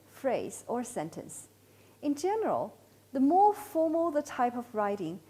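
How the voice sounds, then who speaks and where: A woman giving a scripted English grammar lesson in a measured, explanatory way. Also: fairly high pitch, darkish tone, husky. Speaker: English teacher.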